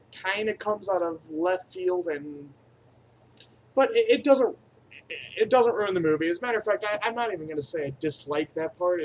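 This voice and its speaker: A man with a slightly high voice reviews a movie off the cuff, rambling and profane. His delivery lurches from eager, loud enthusiasm to quiet, muttered asides. A faint background hum sits under his voice. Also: poor audio. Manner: enthusiastic, swinging between loud bursts and mumbled asides.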